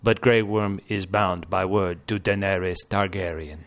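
A man's voice: deep voice, fairly even intonation, measured pace, a bit bright. A man doing a grim, broken-English soldier. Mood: deadpan. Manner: broken English, speaks of himself in third person. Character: blunt castrated male soldier, broken English.

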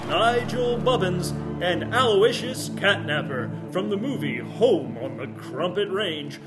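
A man's voice: high voice, lively intonation, measured pace, over music. A man announcing a mock awards show in a mock-grand presenter's voice. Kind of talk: comedy awards parody.

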